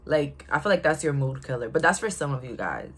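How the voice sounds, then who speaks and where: A woman's voice: a bass voice, sing-song, slightly rough. A young woman, giving a casual, outspoken tarot reading to her viewers and laughing often. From Brooklyn, New York. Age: 20s. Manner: outspoken, chatty, quick to laugh. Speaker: tarot reader.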